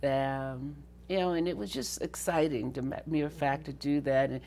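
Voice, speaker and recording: A woman's voice: deep voice, fairly even intonation, normal speed, warm tone, a little hiss or hum. An older woman from the Southern United States recounting memories in an interview, laughing often and acting out the voices of people she quotes. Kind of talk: storytelling interview.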